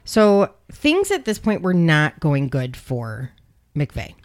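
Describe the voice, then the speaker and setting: Woman, podcast co-host, casual true-crime chat, wry, swears freely, slightly low voice. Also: huge pitch swings, takes it slowly. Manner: profane, wry storytelling. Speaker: emergency dispatch worker.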